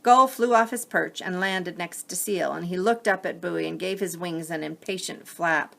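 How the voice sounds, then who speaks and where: A woman gently and expressively reading a children's picture book aloud. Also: fairly low pitch, unhurried, gravelly, few pauses. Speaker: storyteller.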